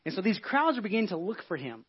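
A man preaching a casual, conversational sermon as a pastor, telling the story in an animated way with many restarts and asides. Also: high voice, quick pace, breathy edge, highs cut off. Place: church.

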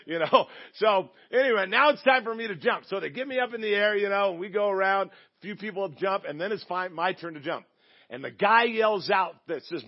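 A man's voice: high-pitched, normal speed, highs cut off. A man preaching a sermon as pastor, telling a story in a chatty, joking way with acted-out voices. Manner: chatty, jokey, acts out quoted voices.

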